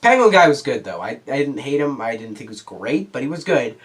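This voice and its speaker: A man's voice: mid-range voice, very animated, fairly quick. A young man giving a casual movie review in a blunt, rambling and frustrated way.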